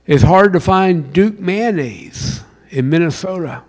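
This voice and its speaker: A male pastor from South Carolina delivers a sermon in a Southern US accent. His voice sits a little high for a man, and he moves between loud, driving lines and low, quiet ones as he preaches. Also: expressive, a little slow. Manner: preaching with wide swings in pitch and loudness.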